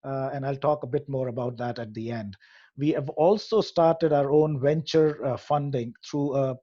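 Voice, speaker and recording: A man's voice: medium pitch, warm tone, highs cut off. A man, head of an AI hub, giving a presentation in an earnest lecturing way with frequent hesitations. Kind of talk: presentation to an audience.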